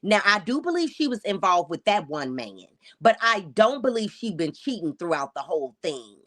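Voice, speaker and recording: Female livestream host, casual reaction commentary, animated swooping delivery, talks right to chat. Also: medium pitch, normal speed. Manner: chatty and exclamatory, addresses viewers directly.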